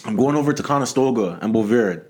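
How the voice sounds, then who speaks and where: A man talking quickly in a casual chat. He tells his stories with energy and acts out the voices of the people in them. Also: medium pitch. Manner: animated storyteller, acts out quoted people.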